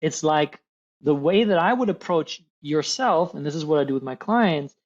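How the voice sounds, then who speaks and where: Man, coach, animated, plays out voices, dull lo-fi audio. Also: a little high, normal speed. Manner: animated, acts out voices of others in examples. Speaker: high-performance coach, podcast guest. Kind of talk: coaching conversation.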